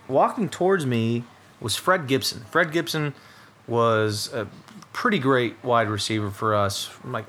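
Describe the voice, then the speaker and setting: A man co-hosting a casual podcast, an animated storyteller who acts out the quotes in his stories. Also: lowish voice, slight background noise. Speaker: podcast host.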